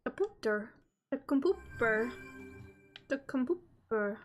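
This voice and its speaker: Woman streamer goofing around over a game, kinda high voice, slow and easygoing. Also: animated, soft background music. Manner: playful, reads game dialogue aloud. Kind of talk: live gameplay commentary.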